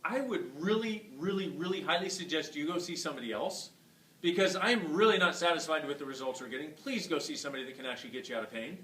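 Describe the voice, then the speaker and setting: A man giving a live talk to a class, telling a story in an animated way, swearing freely and acting out the people he quotes. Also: fairly high pitch, fast talker. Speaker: workshop facilitator. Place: class venue hall. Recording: echoey room from far off with faint noise.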